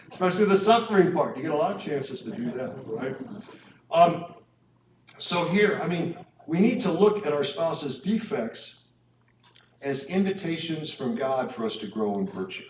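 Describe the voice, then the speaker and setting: A man's voice: fairly high pitch, expressive, a little slow, slight background noise. A man giving a conversational faith talk to couples at a parish marriage evening. He speaks informally and keeps checking in with his listeners through tag questions. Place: church hall or meeting room. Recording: echoey room, mic at a distance.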